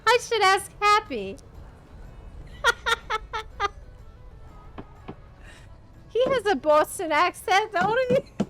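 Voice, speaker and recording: Woman streaming a game, high voice, takes her time, playful and giggly with her group. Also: big pitch swings, drawn-out words, pauses often, over music. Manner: playful and giggly, chatting with teammates. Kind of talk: casual chat while gaming.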